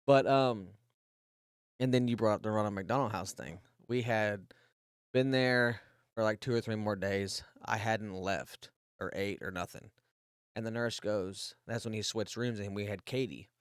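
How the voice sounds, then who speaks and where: A man's voice: fairly low pitch, measured pace, clean tone, no echo, clean studio sound. A man in his thirties, a podcast co-host, telling a long personal story in a rambling, casual way, swearing freely and restarting his sentences often.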